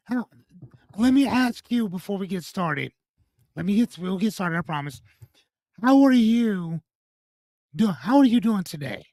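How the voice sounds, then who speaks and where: His voice sits high and a little mellow, captured cleanly in the studio with no echo. The young man runs a casual livestream, joking as he reads viewers' names and comments, swearing casually and cutting off with "hold on."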